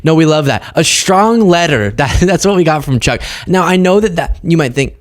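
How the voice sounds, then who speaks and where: A man's voice: on the high side, moderate pace, hardly any pauses. Sarcastic male political commentator. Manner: sarcastic and animated, mocking.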